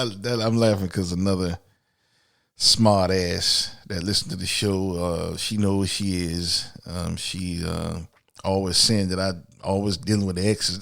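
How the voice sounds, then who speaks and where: A man's voice: low voice, gravelly. A man hosting a podcast in a casual monologue, blunt and profane, often repeating words as he starts a sentence. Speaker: podcast host.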